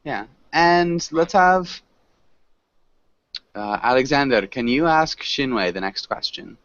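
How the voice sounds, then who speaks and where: A man teaching an online English class, encouraging his students, laughing often and correcting them slowly. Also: medium pitch, expressive, a bit bright, muffled recording.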